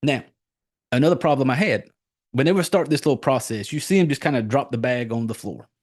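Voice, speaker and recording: A man hosting a horror film podcast, retelling the plot in a rambling, profane, animated way. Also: quick pace. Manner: rambling, profane, animated retelling with sudden high-pitched jumps. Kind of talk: casual podcast chat.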